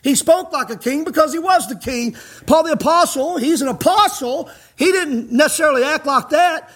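A male pastor with a very high-pitched voice preaches a fiery sermon at a moderate pace. He's emphatic and scolding, building up to shouts.

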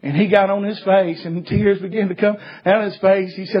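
Preacher guy, high husky voice, goes from hushed to shouting, dull lo-fi recording. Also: steady tone, moderate pace, hardly any pauses. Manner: swings from hushed to shouting, folksy. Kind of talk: sermon storytelling.

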